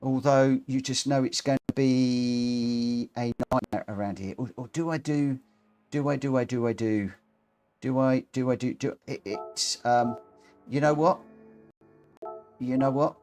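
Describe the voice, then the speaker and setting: A man's voice: mid-range voice, fairly even intonation, unhurried, a little mellow, soft background music. Chatty man hosting a racing stream. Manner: chatty, rambling, self-deprecating. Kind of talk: casual live-stream commentary.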